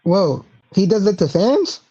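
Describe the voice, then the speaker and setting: A man co-hosting a casual wrestling podcast, giving quick amused reactions. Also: sits high, sing-song, mellow, no echo. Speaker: podcast co-host. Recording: dull dry lo-fi mic.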